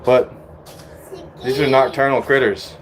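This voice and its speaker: A man's voice: mid-range voice, fairly even intonation, a little slow, background noise. A tired man hosting a casual livestream, talking bluntly and rambling, with frequent swearing. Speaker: livestream host.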